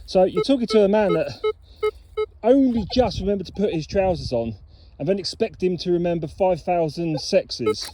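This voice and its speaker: Male vlogger outdoors, animated, playful running commentary. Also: sits high, moderate pace, slight background noise. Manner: chatty, playful, teasing finds and mock-insulting them. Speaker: metal detecting vlogger. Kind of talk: casual talk to camera while detecting. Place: outdoors in a field.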